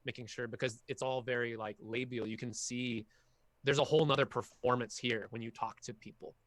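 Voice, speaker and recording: A little fast, with a mid-range voice, the speaker is a man who does voice acting and is half Filipino. As a guest at an online workshop he talks casually and with animation, a chatty storyteller relating long tales from his work.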